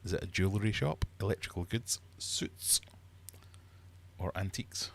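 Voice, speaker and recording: Brief: male livestream quizmaster, lowish voice, playful and teasing, fish room. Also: moderate pace, gravelly, slight background noise. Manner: playful, teasing, mock-uppity. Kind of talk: live-streamed quiz chat.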